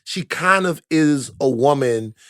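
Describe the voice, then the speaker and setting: A man's voice: on the high side, lively intonation, slow, a bit bright, no room sound, studio quality. A man chatting as a guest on a movie podcast, emphatic and often restarting his words. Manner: emphatic, stumbles and repeats words. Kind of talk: casual movie podcast chat.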